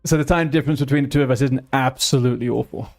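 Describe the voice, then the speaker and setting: A man's voice: mid-range voice, steady tone, very fast, faint music behind. A young British man with a British accent, chatting casually with his live chat while playing a game, playful and easily sidetracked. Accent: British English. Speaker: streamer.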